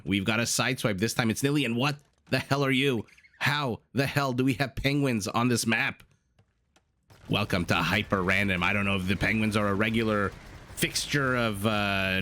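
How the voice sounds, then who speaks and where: A man casting a strategy game match as a tournament co-host, excitable and prone to rambling tangents. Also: medium pitch, a little hiss or hum. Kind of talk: esports match commentary.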